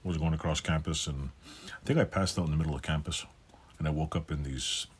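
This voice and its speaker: A man in his fifties with a deep, low-pitched voice that carries a husky edge. He talks loosely in a personal vlog, rambling and cursing. He fills his sentences with "uh" and "like" as he restarts them. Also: fairly even intonation. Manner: rambling, profane, halting with many fillers. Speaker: channel host. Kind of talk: casual personal vlog monologue.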